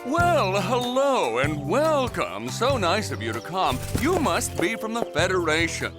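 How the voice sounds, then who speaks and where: A pompous alien bird leader. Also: male voice, high voice, huge pitch swings, a little slow, exaggerated voice. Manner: formal, pompous. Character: prim, pompous male flamingo-like alien leader. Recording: music underneath.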